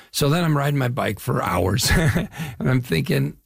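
Gravelly, husky middle-aged man. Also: medium pitch, normal speed, no room sound, studio quality. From Chicago area, Midwest US. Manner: animated, rambling storyteller. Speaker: actor guest. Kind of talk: casual interview talk.

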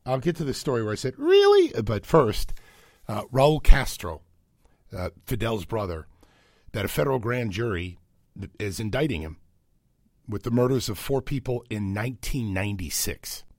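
A man's voice: fairly low pitch, lively intonation, moderate pace, no echo. A man hosting a talk radio show, talking conversationally into a studio microphone with lots of filler uhs and bursts of disbelief. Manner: conversational, many filler uhs, incredulous outbursts.

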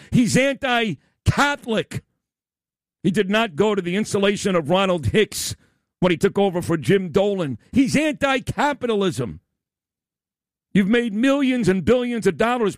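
A man hosting a talk radio show, ranting loudly and bluntly with profanity in a combative opinion segment. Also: high-pitched, no echo, clean studio sound.

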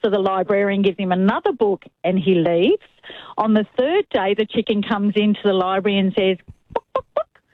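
A woman on a thin, tinny phone line tells a long joke at an even pace. Her storytelling is calm and steady, with a dry sound. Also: mid-range voice, a little fast, no echo. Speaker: caller. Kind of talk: telling a long joke on air.

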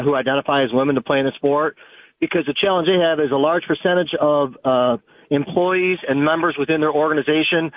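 A man calling in to a radio show, giving a rambling, halting opinion. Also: a little high, dry recording. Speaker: caller. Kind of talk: call-in opinion. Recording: tinny phone line.

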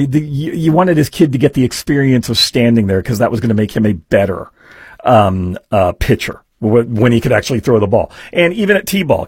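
Husky-voiced male radio host. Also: medium pitch, darkish tone, no room sound, studio quality. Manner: rambling storyteller with many fillers. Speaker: radio talk show host. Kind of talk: casual talk radio monologue.

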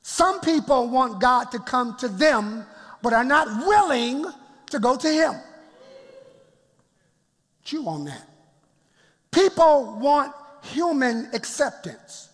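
A male pastor preaching a lively sermon in a church, often chuckling and calling out to the congregation. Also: very high voice, takes it slowly, long pauses. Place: church sanctuary. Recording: long church reverb.

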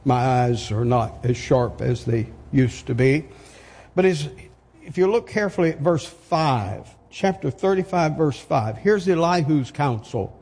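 An older man preaching a sermon, slow and emphatic, firing off rhetorical questions, in a church hall. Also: mid-range voice, animated, a little mellow, slightly rough. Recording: long hall reverb.

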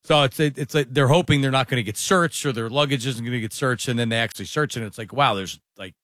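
A man's voice: mid-range voice, fast talker, fairly bright tone, no echo, clean studio sound. A man co-hosting a casual sports talk show, rambling and often restarting his sentences. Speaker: co-host.

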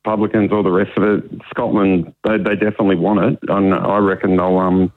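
Easygoing male caller, New Zealand-born, low voice, phone-line sound. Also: little pitch movement, brisk. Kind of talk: phone-in chat.

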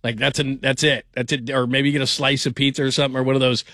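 A man's voice: medium pitch, flat delivery, quick pace, fairly bright tone, no room sound. A man hosting a late-night sports talk radio show, rambling and restarting his sentences and laughing often. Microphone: studio microphone. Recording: dry close studio sound.

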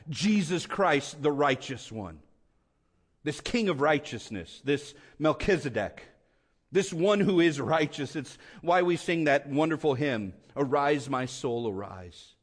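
A man's voice: fairly high pitch, expressive, unhurried. Impassioned preaching man. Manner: impassioned preaching, swings between loud emphatic and quiet hushed delivery. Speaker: pastor. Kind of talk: sermon.

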